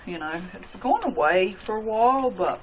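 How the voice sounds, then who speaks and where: A woman's voice: medium pitch, expressive, normal speed, slight background noise. A woman chatting casually to her viewers while making soap, self-mocking and talking to herself as she works. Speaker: soap maker.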